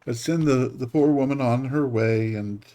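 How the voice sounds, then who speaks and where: A man's voice: mid-range voice, normal speed, warm tone. Rambling, self-mocking male streamer. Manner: rambling, self-deprecating asides. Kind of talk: casual live-stream chat.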